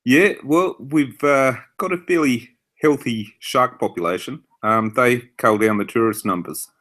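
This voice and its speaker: A man's voice: medium pitch, a little slow, fairly bright tone. An Australian man from Australia, a guest in a casual interview over a call, laid-back with dry humor and lots of hesitant fillers.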